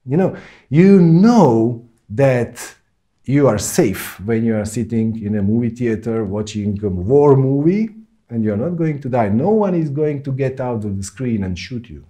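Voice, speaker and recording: A man teaching a spoken self-help course, talking slowly and deliberately, pausing often and rising into sudden emphasis. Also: medium pitch, animated, dark tone. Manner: slow, deliberate, with long pauses and sudden emphatic rises.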